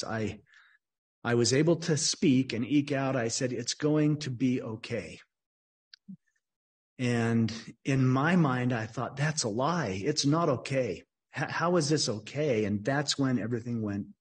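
Earnest man telling a halting story. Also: medium pitch, husky. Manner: earnest, halting, with frequent restarts. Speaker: speaker. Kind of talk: personal storytelling talk.

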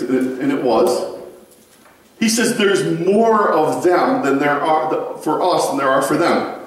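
Pastor preaching in a very echoey church. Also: male voice, fairly high pitch. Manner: conversational, animated storytelling with asides to the congregation. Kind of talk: sermon. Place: church sanctuary. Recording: very echoey room, mic far off.

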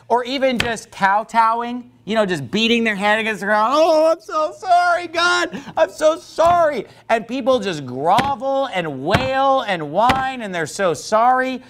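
A man preaching a sermon as pastor, animated, acting out quoted voices and often restarting. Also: high-pitched. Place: church.

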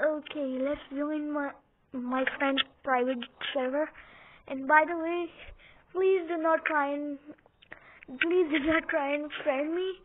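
Her voice is high-pitched with fairly even intonation, and she takes her time. This young gaming video host plays a game on her home couch, rambling casually with lots of giggles and hesitations, recorded on a phone or computer mic sometimes under her hand, tinny with faint hiss.

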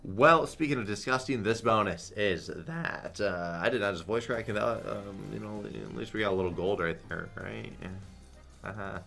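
A young man giving casual, excitable commentary while playing a slot game, swearing freely. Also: fairly low pitch, moderate pace, gravelly, faint music behind. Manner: excitable, swears a lot, chants "come on". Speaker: slot streamer. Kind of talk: live gambling commentary.

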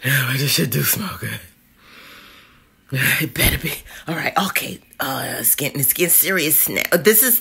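Husky woman doing a candle review vlog, slangy, cusses a lot, mutters then gets loud. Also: deep voice. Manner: drifts between muttering and loud outbursts.

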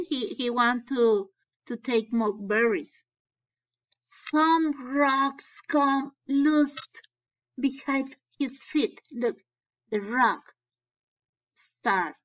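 A woman teacher reads a children's story aloud and translates the key words. She speaks slowly in a slightly high voice. The recording sounds dull and lo-fi, like a home lesson video. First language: Spanish. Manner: slow, explaining and translating into Spanish.

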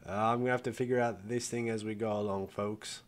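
Low and quick, with fairly flat intonation, this older man hosts a gaming video. He chats casually and thinks aloud during play, peppering his commentary with swearing and calling his audience "folks."

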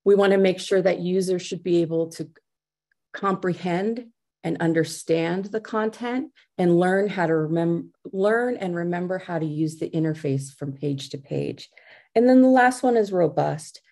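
A woman's voice: on the low side, moderate pace, warm tone. A middle-aged woman giving a conference talk over a video call, speaking conversationally with fillers and restarts.

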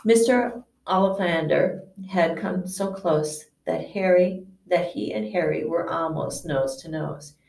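A woman teacher reads a novel aloud in an unhurried, unpolished way, often stumbling and restarting words. Her voice is low and gravelly. It sounds distant and roomy, as if the mic sits far across a classroom. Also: a little mellow. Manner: unpolished, frequent slips and restarts. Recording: echoey room, distant mic.

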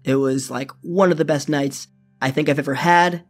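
Young guy telling a story, kinda high voice, super casual, lots of "like" and cussing. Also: steady tone, normal speed, faint music behind. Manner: casual, profane, full of "like". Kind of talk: first-person storytelling.

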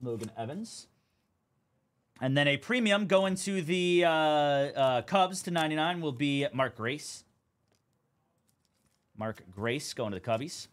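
A man's voice: a little high, expressive, a little slow, pauses often, fairly bright tone. A young man hosting a live card break stream, chatting casually as he calls out cards and teams.

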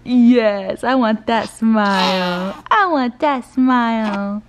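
A young woman, a new mother, cooing in drawn-out sing-song baby talk. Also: fairly high pitch, lively intonation.

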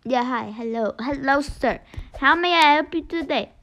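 A woman giving chatty gameplay commentary, excitable, gasping often and dropping into whispered asides. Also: sits high, moderate pace, a little hiss or hum. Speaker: gaming video creator.

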